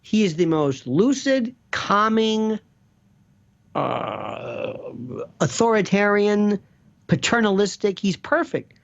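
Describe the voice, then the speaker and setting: A man's voice: high voice, takes it slowly, vocal fry, muffled recording. A man rambling animatedly as a guest on a casual talk show, jumping between thoughts. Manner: rambling, animated, slips into quoted voices. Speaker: guest commentator. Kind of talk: casual chat.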